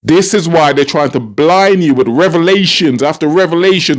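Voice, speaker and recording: A man's voice: on the high side, normal speed, few pauses. A man giving heated, exasperated political commentary, repeating himself in frustration. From Trinidad and Tobago.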